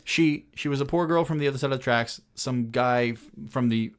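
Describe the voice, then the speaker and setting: A man's voice: medium pitch, a little fast, clear, resonant tone. A man co-hosting a podcast in casual chat about a film, with a dry, sarcastic manner. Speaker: podcast co-host.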